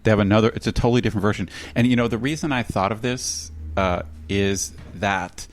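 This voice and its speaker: A man's voice: lowish voice, brisk, slight background noise. A man from the United States co-hosting a podcast, chatting casually and acting out the voices in his stories. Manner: animated storyteller, imitates others' voices. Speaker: podcast co-host. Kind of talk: casual conversational podcast chat.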